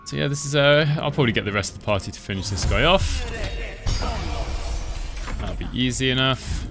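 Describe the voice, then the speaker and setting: A man giving relaxed, chatty commentary over his own gameplay, thinking aloud as he plays. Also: mid-range voice, brisk, music in the background. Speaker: gaming channel host.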